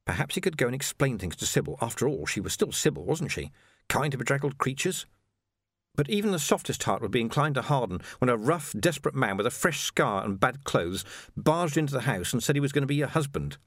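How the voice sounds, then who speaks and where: Brief: male audiobook narrator, animated pitch, dry close recording, dramatic delivery. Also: brisk, no echo. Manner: expressive, dramatic storytelling. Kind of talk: scripted narration.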